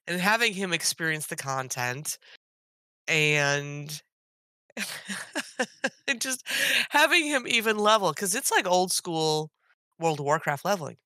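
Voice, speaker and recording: A woman in her thirties co-hosts a gaming podcast, her voice hoarse from illness yet bright and forward. She talks in an animated, laughing, tangent-hopping way. The sound is dry and close. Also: low-pitched, a little slow, dry recording. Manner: animated, laughs often, jumps between topics. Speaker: podcast co-host. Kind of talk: casual chat.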